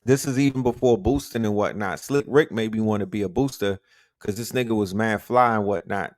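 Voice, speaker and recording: Middle-aged new guy from harlem, lowish voice, dry close sound, slangy and emphatic, repeats stuff to hammer it home. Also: normal speed, dry recording. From Harlem, New York. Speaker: podcast host. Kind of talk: casual chat about hip hop history.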